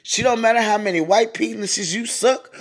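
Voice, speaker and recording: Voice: mid-range voice, normal speed, slightly rough. A podcast host delivering a profane, mocking solo rant, laughing often between lines.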